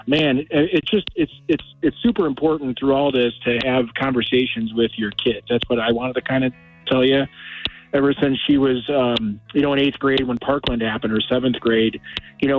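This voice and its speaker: A man's voice: mid-range voice, faint music behind. Emotional male caller on a tinny phone line. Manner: emotional, earnest, halting. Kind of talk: call-in radio talk.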